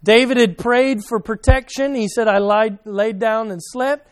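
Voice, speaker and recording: A man preaching a sermon, asking his listeners questions and swinging from loud emphasis to quiet, soft remarks. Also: high voice, fairly even intonation, unhurried, few pauses. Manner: addresses listeners by name, asks questions. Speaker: pastor.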